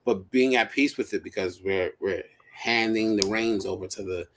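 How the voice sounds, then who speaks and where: A man's voice: lowish voice, moderate pace, a bit bright. A man hosting a live stream, chatting casually, laughing often and talking in a reassuring way.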